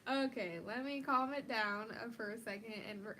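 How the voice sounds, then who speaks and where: A woman's voice: fairly high pitch, moderate pace, noisy background. A woman co-hosting a live stream, chatting casually and giggling as she answers viewer questions. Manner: chatty, giggly, uses many likes.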